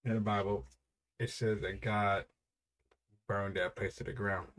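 A man's voice: on the low side, fairly even intonation, measured pace, fairly bright tone. A young man giving casual, rambling commentary while reacting to music, with frequent repeated praise.

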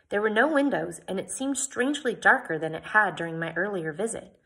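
A woman's voice: medium pitch, fairly bright tone. A woman reading a novel aloud, with plain narration and chatty comments between passages.

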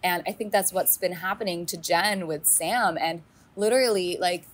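Animated woman chatting with many fillers. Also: lowish voice, moderate pace. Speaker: podcast co-host. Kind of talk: casual recap chat.

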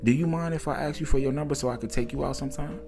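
A man voicing a big, confident, well-off man who talks in a calm, smooth, reassuring way. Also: medium pitch, very fast, faint music behind, natural voice.

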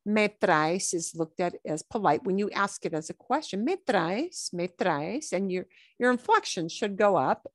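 A woman teaching a Spanish class, explaining phrases slowly and checking in with the class. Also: mid-range voice, lively intonation, dry recording, clean studio sound. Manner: explains words slowly, with checks like "okay?" and "right?". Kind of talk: classroom explanation over a played lesson video.

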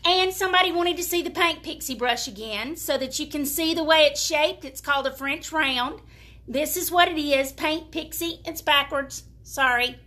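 A woman's voice: high voice, moderate pace, bright, forceful tone. A woman with a Southern US accent giving a chatty, folksy live demonstration of furniture painting, talking straight to her viewers. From American South.

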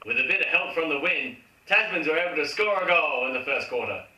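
A man's voice: on the high side, lively intonation, a little fast, pushed and bright. An Australian man hosting a comic football recap, reading the match summary in a mock-formal commentator tone. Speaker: host. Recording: roomy room, distant mic.

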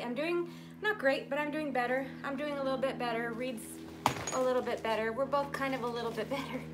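A woman hosting a casual live-stream handbag sale from a room at home. She chats in a friendly way and coos at her pets in a high voice. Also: noisy background. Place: room at home in natural light, pets nearby.

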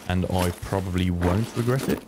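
A man streaming a shooter game, muttering to himself and swearing, with sudden high excited yelps. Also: moderate pace, very noisy. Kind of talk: casual gameplay commentary.

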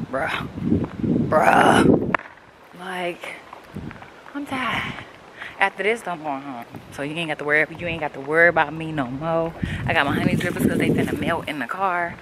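A woman's voice: deep voice, moderate pace, long pauses, very noisy. A woman vlogging in casual chat, telling stories. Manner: animated storytelling with laughs and squeals.

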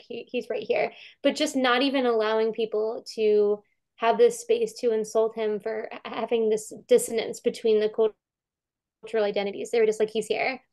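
A woman's voice: fairly high pitch, a little mellow. A woman curator chatting casually about a film over a video call, talking with many fillers and restarts and acting out quotes.

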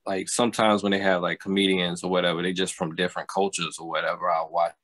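Man, podcast co-host, lowish voice, halting with fillers, dry sound. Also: level tone, a bit bright, no echo. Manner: hesitant, lots of fillers, chuckling. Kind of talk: casual podcast chat.

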